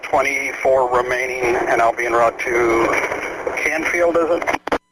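A man's voice: medium pitch, a little slow. A man, a police officer, giving terse, urgent field reports over the radio. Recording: radio call with loud noise.

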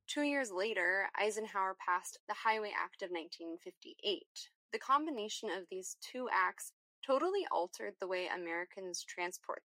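A woman reads a personal essay aloud in a reflective, lightly humorous tone. Her voice is bright with a gravelly edge, and the recording is close and dry. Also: medium pitch, dry recording. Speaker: guest essayist. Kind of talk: scripted personal essay reading.

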